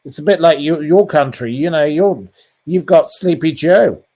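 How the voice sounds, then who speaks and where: A man's voice: fairly high pitch, normal speed, mellow. A man with a British English accent, a journalist giving blunt, scathing opinions in an interview, with many ums and restarts. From England. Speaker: journalist guest. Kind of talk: interview over a call.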